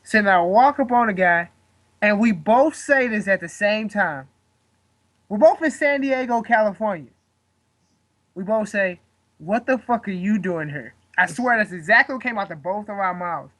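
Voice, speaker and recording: A man's voice: sits high, animated, normal speed, fairly bright tone. A man in his twenties, a guest fighter, telling a story in casual chat, rambling and swearing with lots of fillers.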